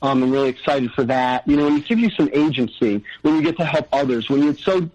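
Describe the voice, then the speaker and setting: Earnest, halting man on a lo-fi line. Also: medium pitch, a little mellow. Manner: halting, restarts often, earnest. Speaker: podcast guest. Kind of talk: personal story in a podcast conversation. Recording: dull lo-fi audio.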